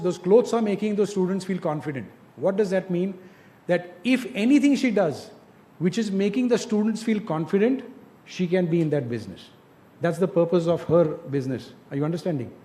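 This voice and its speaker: Speaking in a high voice with a dark tone, a man mentors students in an informal talk as an industry speaker. His advice is direct and coaching, and he often poses rhetorical questions.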